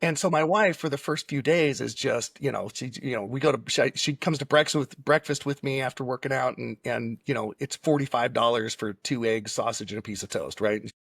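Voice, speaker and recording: A man telling a long personal anecdote as a podcast guest, animated and peppered with "right?" and "okay?" as he acts out what people said. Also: mid-range voice, fairly quick, creaky, hardly any pauses, slightly rough, no room sound, studio quality. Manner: frequent tag questions like right and okay. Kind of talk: casual storytelling.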